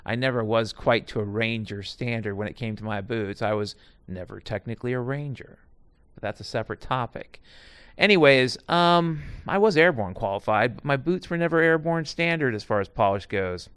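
A middle-aged man rambles through stories about jobs he's held, swearing freely, drifting into asides, and frequently restarting his thoughts. His smooth, resonant voice sits at an ordinary male pitch, fairly bright and at normal speed. The sound is dry and close, with no room tone.

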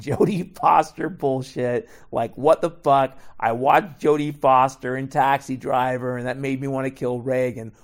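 A middle-aged man delivering a profane, rambling, sarcastic comedic rant as a podcast host. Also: mid-range voice.

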